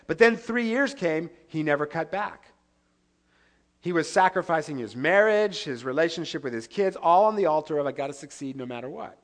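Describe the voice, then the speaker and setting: Guy pastor giving a sermon, kinda high voice, earnest and chatty. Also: expressive, normal speed. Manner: earnest, conversational preaching with rhetorical questions.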